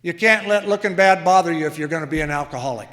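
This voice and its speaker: A slightly high, fairly bright male voice moves at a quick pace as a man in his 60s recounts his life at a recovery meeting. He is wry and self-deprecating, and the meeting hall adds long reverb.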